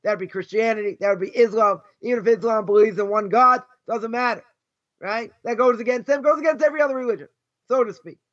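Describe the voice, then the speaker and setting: A man's voice: extremely high pitch, quick pace, fairly bright tone. A man with a Boston accent teaching an informal Torah class as a rabbi, arguing in rhetorical questions and repeating his key phrases for emphasis. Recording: dull lo-fi recording.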